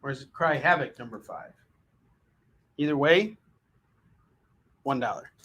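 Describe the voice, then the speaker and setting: A man's voice: medium pitch, expressive, unhurried, fairly bright tone. A man hosting a live stream where he sells comics, in loose casual chat that jokes, swears and stumbles over its own words. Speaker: host selling comics live.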